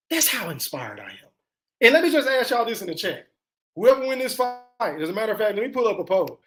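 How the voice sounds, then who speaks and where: Excitable high-voiced man hosting a livestream. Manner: excitable, profane, reads and answers chat comments. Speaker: podcast host. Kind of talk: casual livestream chat.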